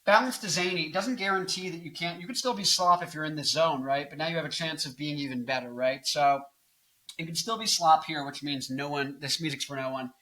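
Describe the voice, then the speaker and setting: Brief: early-20s male rock singer vlogging late at night, tired, zany, bright forceful voice. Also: fairly high pitch, brisk, poor audio. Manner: zany, bursts into loud off-key singing and mock anger. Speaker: rock singer and guitarist, channel host. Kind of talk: casual talking-head music commentary.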